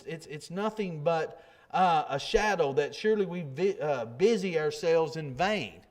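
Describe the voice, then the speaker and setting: A man preaching a sermon in a conversational way, often repeating himself and asking rhetorical questions. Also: high-pitched.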